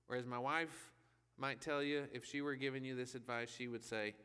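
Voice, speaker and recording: Bright-voiced man preaching in a hall. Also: mid-range voice, fairly even intonation, moderate pace, smooth. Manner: conversational preaching with rhetorical questions. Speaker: pastor. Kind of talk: sermon. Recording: long reverb of a hall.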